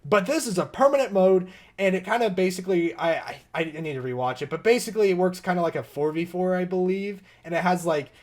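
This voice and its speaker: High-voiced young man, casual podcast chat. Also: fast, hardly any pauses. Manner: animated, laughing storyteller. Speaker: podcast co-host.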